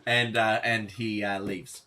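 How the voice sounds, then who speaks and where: A man's voice: lowish voice, little pitch movement, slow, sharp tone. A man running a tabletop game as game master, talking hesitantly with many fillers.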